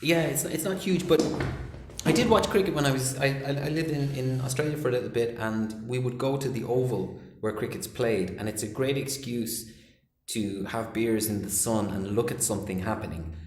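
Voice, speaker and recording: A man's voice: medium pitch, moderate pace, a little hiss or hum. A man with an Irish accent, a podcast guest in casual chat, telling stories with many stammered restarts and acting out what people said. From Ireland. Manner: animated storyteller, stammering restarts, acts out voices. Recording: echoey room.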